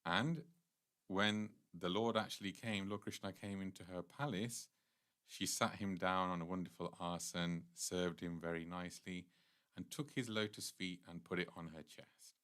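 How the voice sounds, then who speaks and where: A man's voice: deep voice, steady tone, normal speed, fairly bright tone. A man giving a devotional class, telling a scripture story in an earnest, explanatory way and often restarting his sentences. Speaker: temple speaker.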